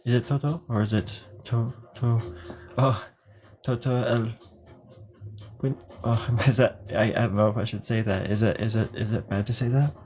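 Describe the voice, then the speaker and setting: A man's voice: medium pitch, steady tone, moderate pace, darkish tone, slight background noise. Playful rambling man streaming live. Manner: rambling, playful, jokey, laughs often. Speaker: live-streaming drawing host. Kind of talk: casual live-stream chat while drawing.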